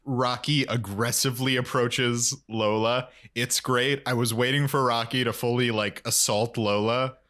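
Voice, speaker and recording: A young man co-hosts a rewatch podcast, walking through each scene and slipping into quick impressions of the characters' lines. His voice sits at an ordinary middle pitch for a man. The talk is relaxed and chatty. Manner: recaps scenes, acting out lines in quoted voices. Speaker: podcast co-host. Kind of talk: casual rewatch chat.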